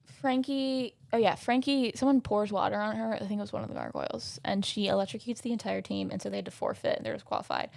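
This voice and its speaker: Sassy young woman, heavy vocal fry. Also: medium pitch, animated, fast talker, hardly any pauses, darkish tone, dry recording. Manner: chatty, sassy, swears freely. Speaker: podcast host. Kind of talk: casual recap chat.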